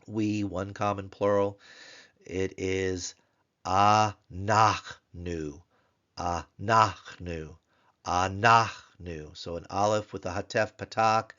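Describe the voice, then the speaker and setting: A man teaching a recorded grammar lesson, slowly repeating each word several times for drill. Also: lowish voice, fairly bright tone. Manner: slow, repeats words for drill. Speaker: language teacher. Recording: dull lo-fi sound.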